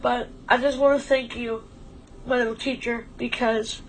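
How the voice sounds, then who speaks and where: A woman with a slightly high voice chats casually on a stream, heartfelt and a little rambling. She sounds emotional and grateful, with faint background noise under her voice. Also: steady tone, moderate pace, low-quality recording. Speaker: livestream co-host.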